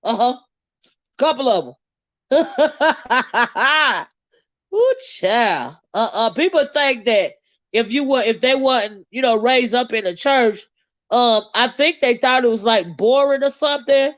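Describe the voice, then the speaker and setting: A Southern woman hosts a casual livestream, talking straight to her viewers. She is sassy, laughs often and draws out her exclamations. Her voice sits a little high, and the recording sounds dry and a bit muffled. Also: expressive, slow pace, no echo. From American South. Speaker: livestream host reading viewer comments. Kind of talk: casual chat.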